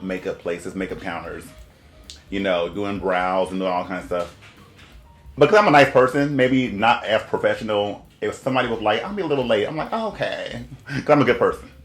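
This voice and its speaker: A man hosting casual gossip commentary, chatty and animated, laughing often and slipping into quoted voices as he reacts to clips. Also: lowish voice, reverberant.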